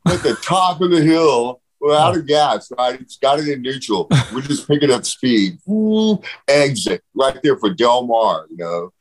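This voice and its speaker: A man telling stories in a casual interview, animated, swearing freely and acting out what others said. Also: medium pitch, normal speed, hardly any pauses, rough recording. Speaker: guest.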